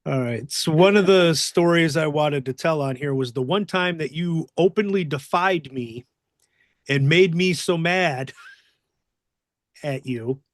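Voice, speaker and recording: Man, podcast host, casual chat, blunt short remarks, slightly high voice, dry close recording. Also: slow, no echo. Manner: brief, dry interjections and blunt corrections.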